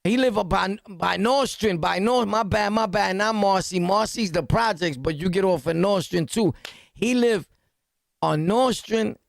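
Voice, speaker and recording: Podcast host, male, New York accent, high fry-edged voice, slangy animated storyteller. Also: unhurried, no room sound, studio quality. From New York City. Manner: animated, slangy, punchy storytelling with sound-effect words. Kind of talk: storytelling jail anecdote.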